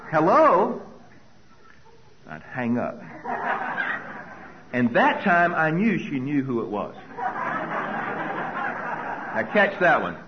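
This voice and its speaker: A man's voice: medium pitch, highs cut off, background noise. A man speaking to an audience, telling personal stories and acting out his own anxious thoughts. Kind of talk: storytelling talk to an audience.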